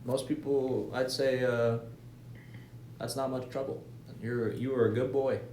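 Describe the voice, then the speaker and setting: A man's voice: mid-range voice, level tone, a little slow, warm tone, slight background noise. A young man co-hosting a casual comedy chat, making short, dry teasing remarks. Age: young adult. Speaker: co-host. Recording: echoey room.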